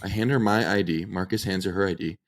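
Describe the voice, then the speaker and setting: Deep-voiced young man telling a story. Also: quick pace. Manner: animated anecdote-telling, acts out quoted dialogue. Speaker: podcast co-host. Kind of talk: casual storytelling chat.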